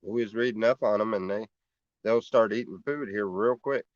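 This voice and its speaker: A man with a drawl talks casually about his homestead in a vlog. His voice sits in a middling register and is a bit dull and muffled. The room is dry, with no echo. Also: normal speed. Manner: talks to his piglets in a high coaxing voice. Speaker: homesteader vlogger.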